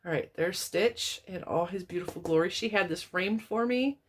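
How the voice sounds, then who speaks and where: A middle-aged woman talks through her fan mail at home in an easygoing, rambling way. Her voice sits a little low, yet it leaps up whenever something delights her, and she laughs often between her sentences. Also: normal speed, slightly rough. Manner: chatty and rambling, laughs often, pitch leaps up when excited. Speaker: crochet vlogger opening mail from viewers. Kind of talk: casual chat. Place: home, indoors, TV on in the room.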